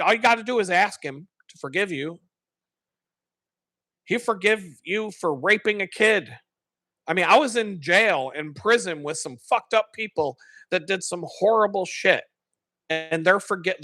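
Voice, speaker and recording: A man's voice: high voice, bright, forceful tone, no echo. A man hosting a live stream, casually retelling a sermon in a rambling, profane way and correcting himself as he goes.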